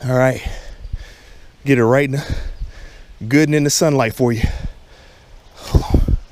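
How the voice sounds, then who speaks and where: A man vlogging from the shore, chatting casually to viewers in an excitable, chatty way, recorded outdoors. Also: medium pitch, unhurried. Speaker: fishing vlogger. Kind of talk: casual talk to camera. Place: outdoors on a lakeshore.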